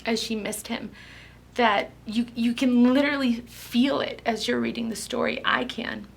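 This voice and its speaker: Tearful woman, devotional reader; emotional, halting delivery that dips to near whispers. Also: fairly high pitch, steady tone, gravelly. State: tearful, close to crying. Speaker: devotional speaker. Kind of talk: devotional Bible reading and reflection.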